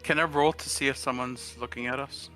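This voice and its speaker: Bright-voiced man playing a tabletop game. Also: mid-range voice, steady tone, fairly quick, faint music behind. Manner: easygoing, hesitant with fillers. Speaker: player. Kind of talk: casual tabletop game play.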